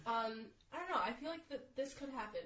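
A young woman co-hosting a casual chat show, sick and talking in a flat monotone with lots of fillers. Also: high voice, fairly quick, a crowd in the background. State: sick, congested. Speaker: podcast co-host. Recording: dull, roomy lo-fi recording.

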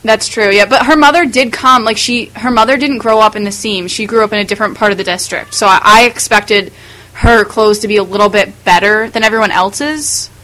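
A woman's voice: medium pitch, brisk, pushed and bright, rough recording. A woman in a casual group chat, talking with many hesitations and fillers.

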